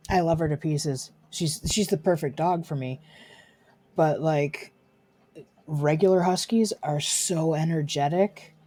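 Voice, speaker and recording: A woman with a deep, warm voice streams a game from her home desk, chatting casually and falling into baby talk with her dog.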